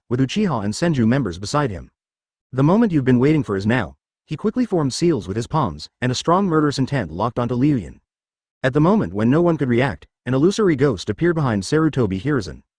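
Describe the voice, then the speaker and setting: A man giving scripted story narration in an even, synthetic-sounding reading. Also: mid-range voice, husky, no room sound, clean studio sound.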